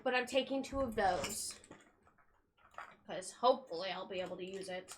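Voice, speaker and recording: A woman's voice: mid-range voice, normal speed. A young woman streamer chatting casually and rambling while packing at home, swearing offhandedly. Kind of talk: casual live-stream chat. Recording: steady background noise.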